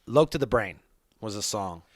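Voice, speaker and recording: A man's voice: lowish voice, lively intonation, moderate pace, dry recording. A man co-hosting a comedy podcast, rambling casually with lots of fillers and swearing. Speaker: podcast co-host. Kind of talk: casual profane chat.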